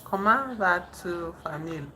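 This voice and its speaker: Slow, bright-voiced woman chatting live. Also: lowish voice, lively intonation, rough recording. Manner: halting, trying out French phrases between laughs. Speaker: livestream host. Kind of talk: casual live chat with viewers. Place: indoors in the dark at night.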